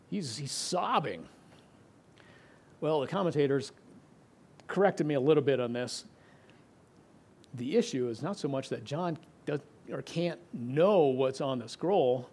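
A middle-aged man preaching a sermon, explaining scripture verse by verse, moving between emphatic passages and quiet, hushed ones. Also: fairly high pitch, breathy edge. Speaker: pastor.

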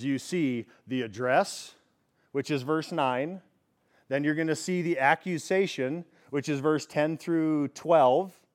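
A pastor leads a Bible study, delivering an expository sermon in a conversational style. His voice is fairly high and a little mellow, and he often restarts phrases and poses rhetorical questions.

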